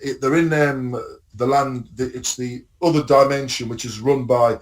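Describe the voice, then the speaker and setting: A podcast co-host with a medium-pitched voice and a moderate pace casually recaps TV episodes. He rambles and swears, acting out scenes with bursts of excitement.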